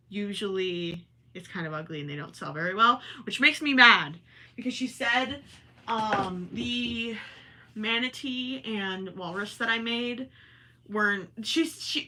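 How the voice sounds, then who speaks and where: In a mid-range voice that sounds pushed and bright, a Minnesotan-accented woman runs a casual livestream indoors at home. She talks with viewers, reads out their comments, and often apologizes self-deprecatingly.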